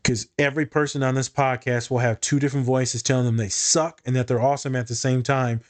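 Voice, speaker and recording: Profane, animated male therapist storyteller. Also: mid-range voice, quick pace. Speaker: therapist podcast guest. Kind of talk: casual podcast chat.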